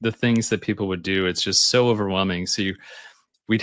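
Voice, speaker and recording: A man's voice: low voice, a little fast, no echo, clean studio sound. A man guest on a podcast, telling stories casually and animatedly, laughing often. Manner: animated, laughs often, acts out voices in anecdotes. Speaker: guest, skydiving instructor. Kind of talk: casual storytelling.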